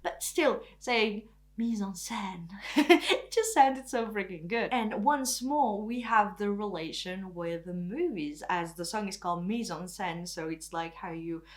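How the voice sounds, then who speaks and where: Woman, native French speaker, casual and excited music-review vlog delivery, mid-height voice. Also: medium pitch, measured pace. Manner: enthusiastic, chatty, often says "freaking". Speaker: K-pop reviewer.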